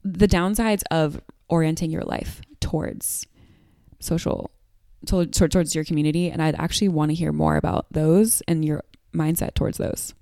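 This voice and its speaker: Low-voiced woman, dry close sound. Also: fairly even intonation, vocal fry, dark tone, dry recording. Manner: eager agreeing, many quick yeses. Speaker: podcast co-host. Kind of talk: casual chat.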